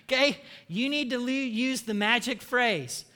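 A man's voice: very high-pitched, unhurried, hardly any pauses, sharp tone. A man preaching a sermon, punchy and humorous, leading the congregation in call-and-response. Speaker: pastor.

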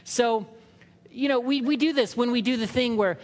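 A man preaching a sermon in a conversational way, acting out quotes in loud, higher voices. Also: normal speed, big-room sound. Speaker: pastor.

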